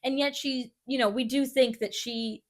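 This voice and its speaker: A woman's voice: high-pitched, fairly even intonation, moderate pace. Chatty, swearing woman podcast host. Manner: chatty, swears freely, many fillers. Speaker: podcast host telling a history story. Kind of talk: casual storytelling chat.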